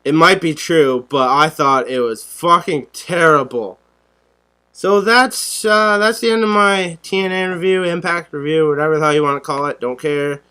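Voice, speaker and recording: Young guy ranting on a podcast, sarcastic, swears, smooth clear voice. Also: fairly high pitch, normal speed, pushed and bright. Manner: blunt, sarcastic, swears a lot. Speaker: podcast co-host. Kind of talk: casual podcast chat.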